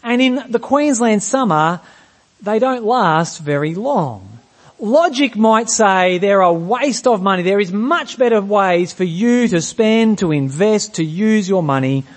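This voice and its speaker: Lively high-voiced preacher. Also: male voice, unhurried. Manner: asks the congregation rhetorical questions. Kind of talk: sermon.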